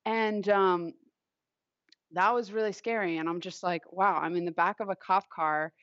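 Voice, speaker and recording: A young woman from Long Island, New York, tells a personal story in loose, chatty talk packed with "like" and "you know." Her voice is fairly low, fairly even in intonation and a bit bright, delivered at a moderate pace. The recording is dull, muffled and lo-fi, dry and close with no room sound.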